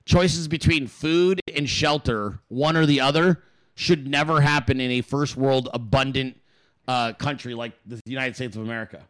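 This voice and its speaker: A man hosting a political show, ranting in heated, profane commentary and repeating words for emphasis. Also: normal speed. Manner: swings in pitch and loudness.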